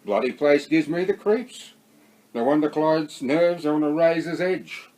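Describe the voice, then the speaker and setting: A man with an Australian accent voicing a gruff, nervous bloke who shouts and swears. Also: fairly high pitch, unhurried, natural voice, rough recording. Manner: loud, rough-spoken, swears.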